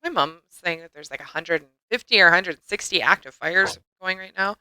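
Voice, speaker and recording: A woman's voice: lowish voice, a little fast, sharp tone, smooth, dry recording, low-quality recording. A woman co-hosting a podcast, chatting casually with frequent giggles. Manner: giggly, easygoing. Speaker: podcast co-host. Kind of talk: casual chat.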